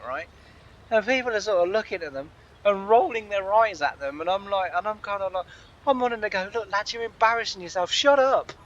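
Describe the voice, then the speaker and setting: A man's voice: high voice, fairly bright tone, dull audio. A man hosting a gaming channel, chatting casually and rambling, laughing often. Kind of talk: casual chat over gameplay.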